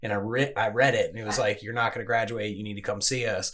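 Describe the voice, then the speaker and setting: A man's voice: on the low side, steady tone, fast, a bit bright. A man hosting a recovery podcast, telling stories in a loose, casual way and swearing freely. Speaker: podcast host. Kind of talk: casual conversational chat.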